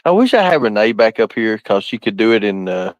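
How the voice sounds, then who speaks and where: A man's voice: on the low side, very animated, normal speed, dry recording. A man chatting on a live stream, laughing constantly and cursing freely. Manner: laughing nonstop, profane. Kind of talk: casual live-stream chat. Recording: dull lo-fi dry sound.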